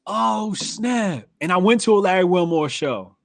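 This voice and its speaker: A man in casual podcast chat, pitched a little high and very animated. He laughs loudly and often. The sound is dry and close to the mic. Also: a little slow, gravelly, no echo. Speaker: podcast co-host.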